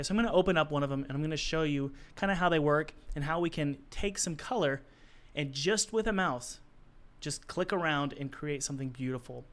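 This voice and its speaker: A man with a hoarse, worn voice, teaching art on a casual live stream, chatty and encouraging as he answers the chat while he works. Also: a little high. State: hoarse, losing his voice.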